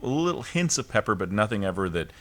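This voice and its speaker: A man's voice: lowish voice, very animated, fast. A man co-hosting a casual review podcast, rambling along with lots of ums and restarts. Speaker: podcast host.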